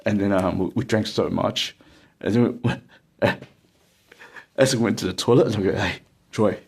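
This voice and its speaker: A man's voice: fairly low pitch, measured pace, creaky, husky. An Australian man telling a casual, rambling anecdote full of fillers and bursts of laughter. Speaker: storyteller.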